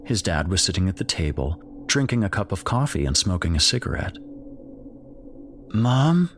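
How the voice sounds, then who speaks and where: A man with a very deep voice reads a horror story aloud in a measured, grim manner. His intonation rises and falls expressively along the lines, with a faint hiss underneath. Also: lively intonation, fairly bright tone. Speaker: narrator. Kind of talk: scripted horror story narration.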